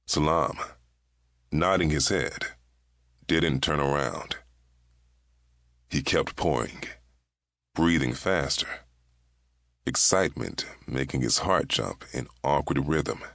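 Male audiobook narrator, very deep and gravelly, unhurried delivery. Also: fairly bright tone, no echo, clean studio sound.

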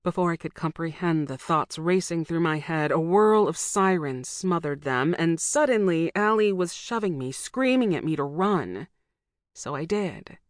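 A woman's voice: deep voice, no echo, studio quality. A woman narrating a first-person audiobook in an intense, emotional manner.

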